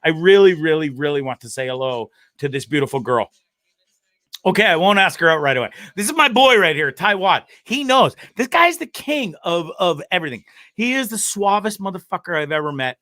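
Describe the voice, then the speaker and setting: Profane, rambling bright-voiced man. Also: a little high, very animated, a little fast, dry recording, clean studio sound. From Canada. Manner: crude, profane, self-mocking and rambling; repeats words and restarts a lot. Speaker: host. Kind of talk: casual rambling monologue.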